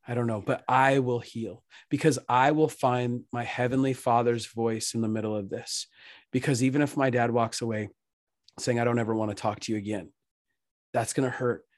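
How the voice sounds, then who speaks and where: A man in his thirties, a podcast guest, telling a candid, emotional personal story in an earnest way and growing soft when he speaks of faith. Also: mid-range voice, fairly even intonation, moderate pace, dry recording, clean studio sound.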